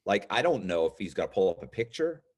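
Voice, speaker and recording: A man in his fifties with a lowish voice tells his story as an interview guest. He talks casually and animatedly, slipping into the voices of the people he quotes. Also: big pitch swings, fast, a little mellow, husky. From United States. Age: 50s.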